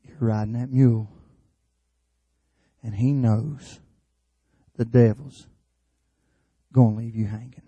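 A man preaching a sermon at a youth camp in an impassioned way, building from quiet appeals to shouted cries. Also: mid-range voice, fairly even intonation, slow pace, pauses often, breathy edge, dry recording, muffled recording.

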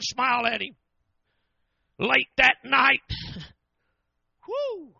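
Gravelly high-voiced preacher. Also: male voice, pushed and bright, no room sound, dull audio. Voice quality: fervent, drawn-out preaching delivery. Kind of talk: storytelling sermon.

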